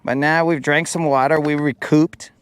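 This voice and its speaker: This fishing stream host broadcasts live from a boat on a lake, speaking at normal speed in a clean, steady, slightly high voice. He playfully ribs his chat with mock-dramatic grumbling, while faint water and boat noise sits in the background.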